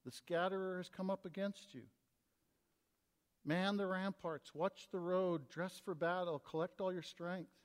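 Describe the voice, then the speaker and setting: A man with a high voice preaches a sermon, rising to loud, emphatic scripture readings and then dropping low and quiet. His voice rings out through a long church reverb. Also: fairly even intonation, measured pace. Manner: preaching with big swings between loud emphasis and quiet asides. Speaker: pastor.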